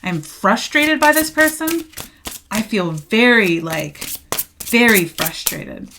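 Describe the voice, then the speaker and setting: A woman's voice: mid-range voice, animated, slow, bright, forceful tone, slight background noise. A woman giving a casual tarot reading to viewers, chatty and emphatic, repeating her phrases and laughing often. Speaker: tarot card reader.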